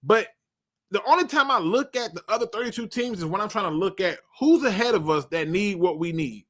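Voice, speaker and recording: A man hosting a live football draft stream in casual, joking speech. His voice sits high and jumps all over the place. The tone is bright and sharp. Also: a little fast. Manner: animated, joking, colloquial. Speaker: sports show host.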